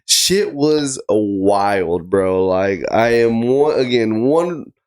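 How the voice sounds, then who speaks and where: A man's voice: lowish voice, expressive, very slow, darkish tone. A man co-hosting a podcast, talking casually in a rambling way, full of "you know what I mean". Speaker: podcast co-host. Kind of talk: casual chat.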